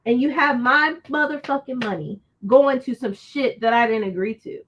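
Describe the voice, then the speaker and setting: A woman's voice: high-pitched, normal speed, a bit bright, a little hiss or hum, rough recording. A woman hosting a casual livestream, answering her chat and venting in a frustrated, cursing rant. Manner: frustrated, ranting, swears freely. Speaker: book channel host reading live chat.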